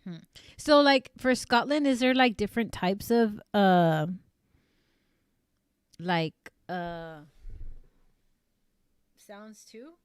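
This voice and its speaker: Rambling woman streamer, smooth dry voice. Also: medium pitch, takes it slowly, long pauses, dry recording. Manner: rambling, with many fillers and self-corrections; reads viewer comments aloud. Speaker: streamer and voice actress. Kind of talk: casual livestream chat.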